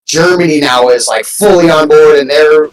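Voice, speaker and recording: A man's voice: a little high, moderate pace, distant mic, rough recording. A man in a casual political chat with a friend, rambling with lots of "like" and swearing casually.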